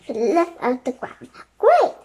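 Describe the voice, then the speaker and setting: High-voiced woman reading a storybook. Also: lively intonation, moderate pace, a little mellow. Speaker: narrator.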